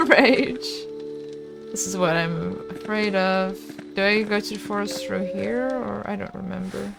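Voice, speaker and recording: A woman's voice: mid-range voice, unhurried, gravelly. Chatty woman streamer over game music. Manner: chatty, reads lines dramatically, laughs often. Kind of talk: live game commentary and reading dialogue aloud.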